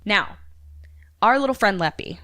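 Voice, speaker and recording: Woman podcast co-host, mid-pitched, animated movie recap, casual cursing, dry close mic. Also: a little slow, no room sound. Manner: animated storyteller, acting out characters' lines; swears casually. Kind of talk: casual chat retelling a movie plot.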